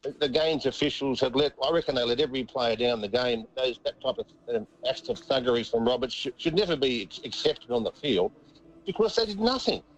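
A man's voice: mid-range voice, a little fast, hardly any pauses, lo-fi sound. A middle-aged man with an Australian accent, a former footballer telling stories in an interview, chuckling and repeating words as he goes. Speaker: interview guest, former rugby league player. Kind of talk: casual storytelling interview.

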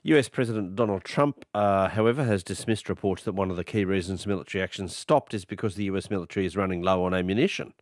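Low-voiced male radio host, dry studio sound. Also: no room sound. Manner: measured, with frequent uh fillers. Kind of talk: radio news interview.

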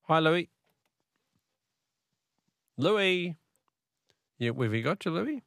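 A man's voice: fairly high pitch, very animated, drawn-out words, gravelly, fairly bright tone, dry recording, studio quality. An Australian man hosting a live talkback radio quiz, chatty and coaxing, repeating the question for callers. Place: radio studio.

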